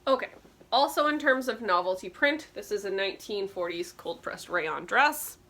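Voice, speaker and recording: Woman reseller chatting thru her vintage pieces, bright voice, lots of ums. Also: mid-range voice, lively intonation, normal speed. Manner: chatty, explanatory, frequent ums. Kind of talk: casual show-and-tell tutorial.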